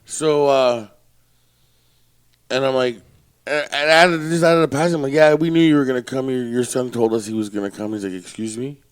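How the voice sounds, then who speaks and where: A former bouncer with a voice of ordinary pitch tells blunt, profane stories in casual podcast talk. His delivery is rough-edged and plain. He speaks freely and without polish. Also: normal speed. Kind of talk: casual storytelling chat.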